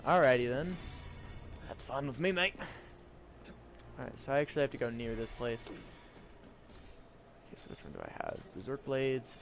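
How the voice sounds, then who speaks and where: A man's voice: medium pitch, wildly swooping pitch, moderate pace, creaky, long pauses, faint music behind. A young man chatting casually while playing a game, reading riddles aloud and joking with mock French phrases. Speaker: gameplay streamer. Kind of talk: casual gameplay commentary.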